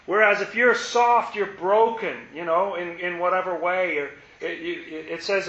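A man teaches on scripture in a musing way that turns emphatic. His voice is bright and a little high. The recording has a lot of room echo and a dull, lo-fi sound. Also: fairly even intonation, unhurried, few pauses. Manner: musing, grows forceful and emphatic. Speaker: Bible teacher. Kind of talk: reflective Bible talk.

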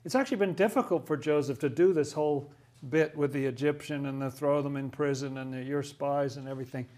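A man giving casual Bible commentary, animated and acting out the characters in the story. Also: a little high, a little fast. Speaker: Bible study host.

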